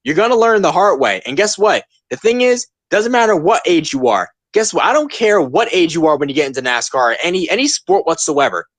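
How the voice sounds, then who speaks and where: A man in his twenties hosts a casual podcast, ranting emphatically and hammering his points home. He's very animated, with a pitch that leaps and dips, and he talks fairly quickly with few pauses. His slightly bright voice sounds dry, with no room echo.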